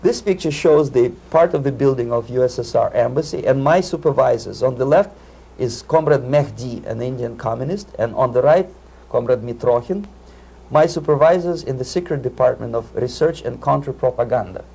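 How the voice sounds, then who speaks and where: A man's voice: mid-range voice, moderate pace, gravelly, warm tone, slightly rough. A middle-aged man, giving emphatic interview testimony and often repeating words as he searches for phrasing. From Soviet Union. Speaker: interview guest, former propaganda agent.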